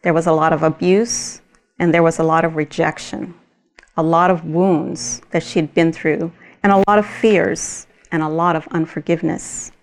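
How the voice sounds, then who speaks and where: A woman retelling a faith testimony in slow, deliberate storytelling, with small laughs. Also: low-pitched, steady tone.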